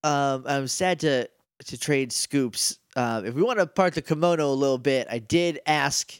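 A man co-hosting a tabletop game podcast, playing in character and chatting casually, playful and quick to laugh. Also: mid-range voice, clean tone, no echo, studio quality. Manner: playful, laughs often, lively in-character asides. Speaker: podcast co-host and player.

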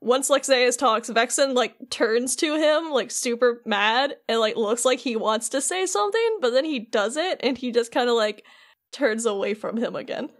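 A woman co-hosts a casual podcast, retelling a game's scenes in a chatty, playful way full of fillers. Her voice sits slightly high. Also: animated, moderate pace. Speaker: podcast co-host. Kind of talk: casual podcast chat recapping a game.

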